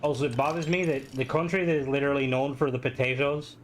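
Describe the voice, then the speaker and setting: A man's voice: mid-range voice, steady tone, fast. An Irish man streaming a game, chatting casually and rambling with many fillers. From Ireland. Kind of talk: casual gaming stream chat.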